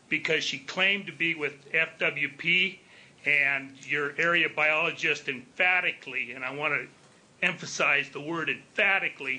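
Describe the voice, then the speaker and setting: A man from Montana giving a measured public comment for a wool growers group into a public meeting, pausing often on fillers. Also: on the high side, pushed and bright. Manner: measured, deliberate, with frequent filler pauses. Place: remote line into a public meeting.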